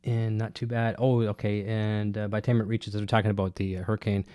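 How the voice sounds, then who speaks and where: A man's voice: lowish voice, level tone, brisk, warm tone, clear, resonant tone, dry recording, clean studio sound. Congested man rambling on a livestream. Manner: rambling, many fillers and restarts. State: congested with a cold, breathing heavily. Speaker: guitar gear livestream host. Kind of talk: casual live-stream chat, reading viewer comments. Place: home studio. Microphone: dynamic broadcast mic close up.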